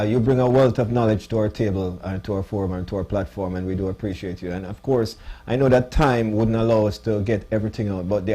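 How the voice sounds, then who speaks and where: A man's voice: lowish voice, warm tone. A man hosting a live radio stream, thanking his guest and announcing upcoming shows in an upbeat announcer's patter. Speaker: radio show host. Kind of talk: live radio show wrap-up.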